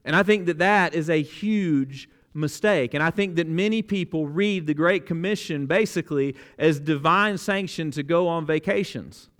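High-voiced earnest male preacher. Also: normal speed, few pauses, a bit bright. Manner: earnest, emphatic, often repeats words as he restarts. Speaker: pastor. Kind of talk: sermon.

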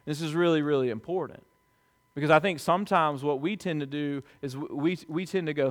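High-voiced pastor preaching conversationally. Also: male voice, a little fast. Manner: conversational preaching with rhetorical questions; swings between hushed asides and emphatic swells. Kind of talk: sermon.

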